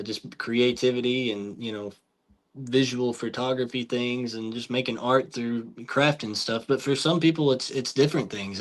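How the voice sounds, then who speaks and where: A man being interviewed as a film director, speaking in a laid-back, agreeable way with folksy phrasing. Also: medium pitch. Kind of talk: casual interview chat.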